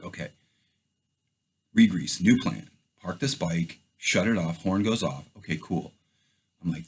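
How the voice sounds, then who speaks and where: A man's voice: deep voice, slightly rough. A man casually telling a first-person story in a loose, profane way, acting out his own past thoughts as he goes. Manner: loose, profane, animated retelling with quoted inner thoughts.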